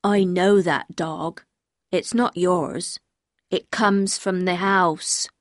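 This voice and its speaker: A woman voicing a simple-minded, fearful man in a storybook reading, speaking very slowly and haltingly in a low voice. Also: steady tone, no echo, clean studio sound. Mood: uneasy.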